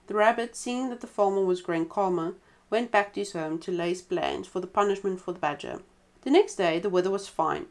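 A woman reading a folk tale aloud in a relaxed way, stopping now and then for chatty side comments. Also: on the low side. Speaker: storyteller.

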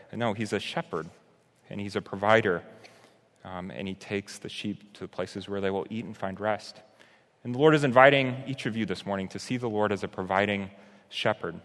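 Earnest grieving pastor in a reverberant hall. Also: male voice, fairly low pitch, a bit bright. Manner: earnest, grieving, voice rising in emotional outbursts. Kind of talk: sermon.

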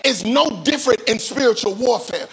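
A man's voice: extremely high pitch, lively intonation, a bit bright, husky, soft background music, low-quality recording. A male pastor preaching a sermon, calling on the congregation to answer back, stretching key phrases out for emphasis and often repeating words as he restarts. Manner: call-and-response preaching, drawn-out emphatic phrases.

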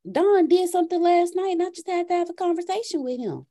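A woman shares a story quickly in a casual group call for a podcast. Her voice is high and mellow, and she animatedly performs the lines she and her son spoke.

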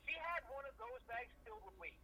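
High, bright-voiced man telling a profane story. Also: a little fast, slight background noise, poor audio. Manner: profane, rambling, animated storyteller. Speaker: podcast co-host. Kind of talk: casual storytelling chat.

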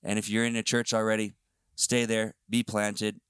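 Man, low voice, casual, upbeat, church podcast co-host, dry close mic. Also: monotone, moderate pace, clean tone, no echo. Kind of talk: faith podcast conversation. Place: studio. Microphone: podcast microphone.

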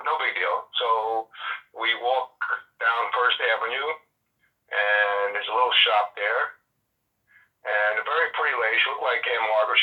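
A man's voice: medium pitch, far from the mic, highs cut off. A man telling a dating story in a chatty, rambling way, full of fillers. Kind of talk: casual comic storytelling.

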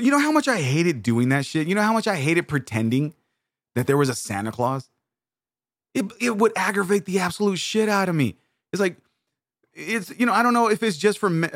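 Man, comedic monologue, rambling, animated, restarts a lot, dry sound. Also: fairly high pitch, no room sound. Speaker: comedic storyteller.

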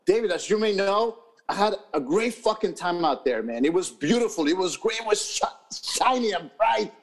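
A man's voice: sits high, animated, moderate pace. A man co-hosting a podcast in casual, profane chat, rambling with many fillers and restarts. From New York. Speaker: podcast co-host. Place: podcast studio.

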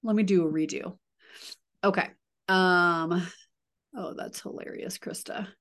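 A woman's voice: on the low side, steady tone, measured pace, a bit bright. A woman in her thirties leading a team video call, chatty and upbeat with frequent asides and coaching pep.

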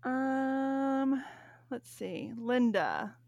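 A woman's voice: high voice, lively intonation, extremely slow, vocal fry, darkish tone, no echo. A woman co-hosting a casual chat show, talking in a wry, joking way and often trailing off and restarting. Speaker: podcast co-host.

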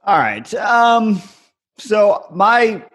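A man's voice: high-pitched, big pitch swings, drawn-out words, fairly bright tone, slightly rough. A man co-hosting a casual podcast, recapping episodes in a hesitant, easygoing way. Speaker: podcast co-host.

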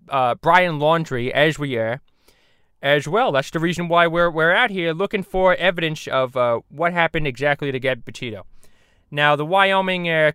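A man's voice: a little high, pushed and bright, clean tone, no room sound, studio quality. A man voicing a bumbling middle-aged cartoon dad who rambles hesitantly with many fillers. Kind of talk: parody voice acting.

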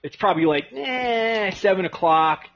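A man's voice: high-pitched, lively intonation, normal speed. A man co-hosting a comedy podcast, trading crude, profane jokes and laughing often. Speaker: podcast co-host. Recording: dull lo-fi audio.

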